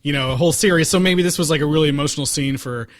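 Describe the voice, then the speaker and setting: A man co-hosting a movie podcast, giggly and expressive, jumping into the banter. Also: a little high, racing. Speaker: podcast co-host. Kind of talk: casual movie-review banter.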